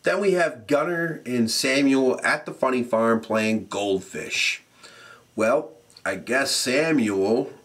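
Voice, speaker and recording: Guy doing a casual cursing recap, mid pitch, laughs a lot, gets animated. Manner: profane, animated, laughs often. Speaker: wrestling show reviewer.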